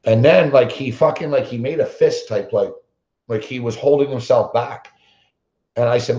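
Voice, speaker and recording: A man's voice: medium pitch, normal speed, warm tone. Swearing man ranting in a roomy room. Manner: heavy swearing, blunt and combative. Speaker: sports betting show host. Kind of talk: profane storytelling rant. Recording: roomy, dull lo-fi sound.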